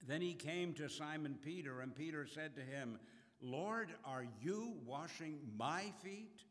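A man preaching a sermon in an earnest, measured way, reading scripture slowly with emphasis. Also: mid-range voice. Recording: long hall reverb.

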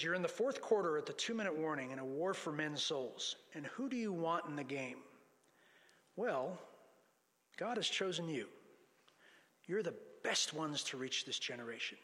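A man's voice: on the high side, fairly bright tone. A man preaching a sermon to a congregation, teaching lessons from scripture and reading passages aloud. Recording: long hall reverb.

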